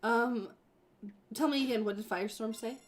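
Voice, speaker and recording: A woman's voice: on the high side, moderate pace. A woman co-hosting a casual gameplay stream, teasing her co-host and talking to herself as she plays. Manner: teasing, laughing, talks to herself while playing. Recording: game music behind the voice. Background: game music.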